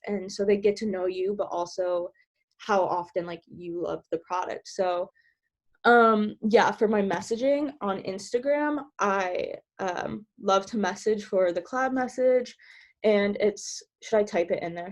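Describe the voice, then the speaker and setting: A woman giving casual coaching tips on a video call. She talks fast, laughs often and fills her speech with "like". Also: mid-range voice. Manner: bubbly, giggly, filler-heavy with many "like"s. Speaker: team trainer sharing sales tips.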